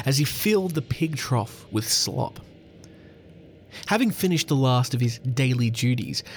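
A man in his thirties with an Australian accent, hosting a podcast in a profane, joking, rambling way and reading spooky stories aloud. His voice is hoarse and going. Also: mid-range voice, a little hiss or hum. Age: 30s. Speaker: podcast host. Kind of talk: casual comedic podcast monologue and story reading.

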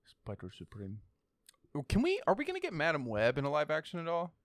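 A casual podcast co-host, a man who talks in an excitable, rambling way and swears often. His voice is smooth and clear, recorded dry and close with no room sound. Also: on the high side, very fast, dry recording. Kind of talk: casual chat. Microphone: headphones with mic.

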